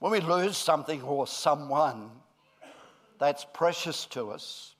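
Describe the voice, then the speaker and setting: Middle-aged guy pastor, slow and easy, kinda high voice, coaxing the kids then preaching. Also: expressive. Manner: friendly, coaxing with the children, then deliberate. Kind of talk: sermon with a children's talk.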